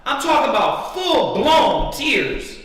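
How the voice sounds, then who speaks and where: A man teaches scripture with fiery preaching energy, throwing rhetorical questions at his listeners. His voice sits high and sounds bright and cutting. It rings with long echo in a big hall, picked up from some distance. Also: very animated, takes it slowly. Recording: echoey hall, mic at a distance.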